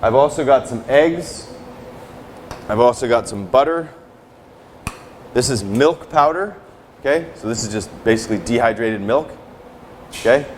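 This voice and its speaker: A man's voice: mid-range voice, expressive, a little slow, pauses often, a little hiss or hum. Casual chatty male cooking instructor. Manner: casual, tags sentences with "right?" and "okay?". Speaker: culinary instructor. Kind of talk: cooking class demonstration. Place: teaching kitchen.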